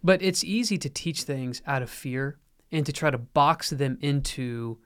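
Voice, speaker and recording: A man's voice: mid-range voice, a little slow, fairly bright tone, smooth. Earnest man co-hosting a faith podcast. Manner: earnest, explanatory, with many fillers and restarts. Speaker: podcast co-host. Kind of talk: casual faith and marriage podcast talk.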